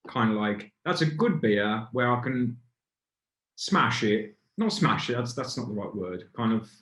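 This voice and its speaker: A man's voice: medium pitch, animated, unhurried, a bit bright, reverberant. A man hosting a casual beer review in a pub, rambling and stopping to restart his thoughts. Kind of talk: casual chat.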